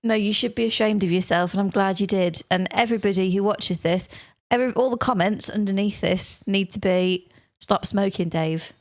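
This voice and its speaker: A woman's voice: medium pitch, fairly even intonation, a little fast, dry recording. Woman, podcast co-host, casual chat, teasing, bubbly, dry close recording.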